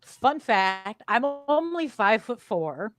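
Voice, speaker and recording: A woman guest on a casual podcast, telling lively stories, acting out what people said and laughing often. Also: a little high, slow pace. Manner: animated storyteller who acts out quotes and laughs often. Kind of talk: casual chat, storytelling.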